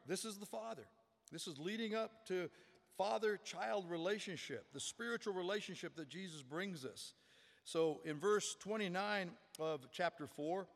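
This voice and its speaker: A man's voice: high voice, creaky. Earnest preaching man in a reverberant hall. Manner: earnest, emphatic preaching with repetitions. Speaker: pastor. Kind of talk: sermon.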